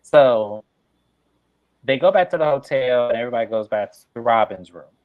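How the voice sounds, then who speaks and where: A man's voice: mid-range voice, lively intonation, moderate pace, dry recording. A man reviewing a reality show, ranting bluntly with heavy profanity in a casual recap. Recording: dull lo-fi sound.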